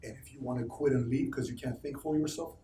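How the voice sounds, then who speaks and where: A man's voice: medium pitch, quick pace, slight background noise. A man giving a live motivational talk to an office crowd, telling stories with emphasis and questioning the room. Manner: animated storyteller, emphatic, asks the room questions. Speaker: motivational speaker addressing a team. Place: office meeting space. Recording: echoey room, recorded from far off.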